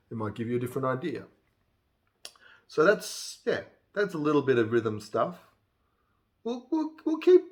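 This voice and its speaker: A man giving a casual music theory lesson as a songwriter, explaining rhythm by counting beats aloud in a relaxed, rambling way with restarts. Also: medium pitch.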